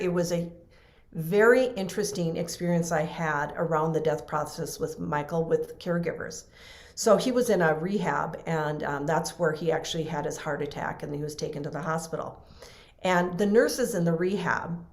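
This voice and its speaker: A middle-aged woman, a podcast guest, tells a personal story in earnest, emotional conversation, often restarting her sentences. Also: lowish voice.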